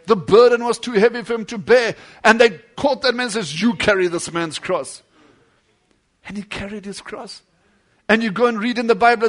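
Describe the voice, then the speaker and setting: A man preaches a sermon built around a story, swinging dramatically between loud declamation and hushed, low passages. He acts out the dialogue of the people in it.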